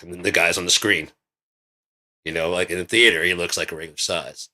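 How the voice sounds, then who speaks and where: Deep-voiced man rambling excitedly. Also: fairly quick. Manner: rambling, profane, excitable storytelling. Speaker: vlogger. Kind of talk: casual rambling monologue.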